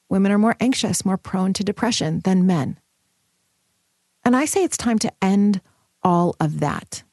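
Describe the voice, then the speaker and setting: A woman's voice: mid-range voice, warm tone, husky, no echo, studio quality. A woman hosting her own podcast in an upbeat, bubbly, emphatic motivational style. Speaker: podcast host. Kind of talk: upbeat solo podcast talk.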